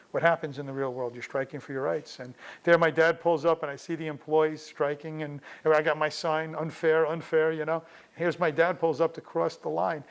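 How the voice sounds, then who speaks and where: Man telling family stories, casual and anecdotal. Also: a little high. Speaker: interviewee recalling his father. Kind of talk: personal storytelling.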